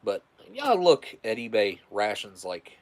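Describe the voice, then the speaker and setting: A man's voice: on the low side, a little slow. Rambling man signing off his livestream. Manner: rambling, repeats words, relaxed thanks to viewers. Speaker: livestream host. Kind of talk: casual livestream sign-off chat.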